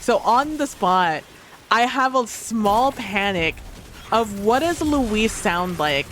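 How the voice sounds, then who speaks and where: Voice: mid-range voice, animated, slow, a bit bright, a little hiss or hum. Rambling, laughing tabletop role-play player. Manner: rambling, many fillers, laughs often. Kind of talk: casual livestream reflection.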